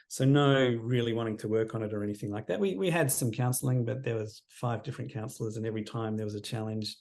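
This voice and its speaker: A man in his fifties speaks as a guest in an interview, his voice gravelly with a warm, mellow tone. He talks in an earnest, reflective way and lets his sentences drift down into quiet endings. The pitch sits at an ordinary middle height for a man. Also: quick pace, few pauses. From Australia. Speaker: counsellor as podcast guest. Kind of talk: personal storytelling in interview.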